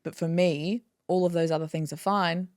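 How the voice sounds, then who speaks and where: A woman chiropractor talking in a casual interview, animated and acting out her own inner dialogue. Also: lowish voice, moderate pace, clean tone, no room sound, clean studio sound. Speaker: guest, chiropractor.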